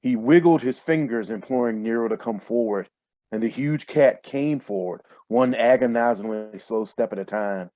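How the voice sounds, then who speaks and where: A man reading his own first-person fiction aloud in a steady, measured way over a video call. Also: mid-range voice, dry recording. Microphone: computer mic on a video call.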